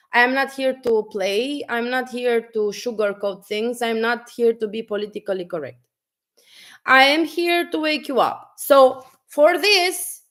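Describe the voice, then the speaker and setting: A woman with a high voice delivers a blunt, preachy motivational talk on a live stream. She speaks slowly, often restarting her sentences and swearing casually as she pushes her point.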